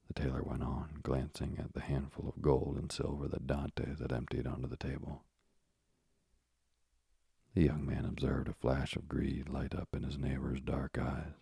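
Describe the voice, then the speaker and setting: A man narrating a classic novel as a slow, soft-spoken sleep story. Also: a bass voice, completely flat delivery, creaky, husky, no echo, studio quality.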